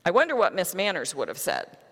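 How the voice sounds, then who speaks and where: A woman pastor delivering a sermon, telling a story to her congregation in a measured way. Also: fairly low pitch, wildly swooping pitch, fairly bright tone, in a large hall.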